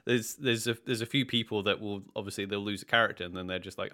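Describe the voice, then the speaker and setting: Man, podcast host, casual chat, bright, low voice, laughs a lot. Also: fairly even intonation, fast talker, hardly any pauses. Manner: laughs often, acts out quotes.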